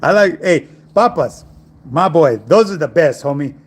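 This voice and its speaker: A man's voice: on the high side, lively intonation, a little slow, husky. A middle-aged man, an online fitness coach, chatting casually on a livestream and answering viewer messages in laid-back street slang.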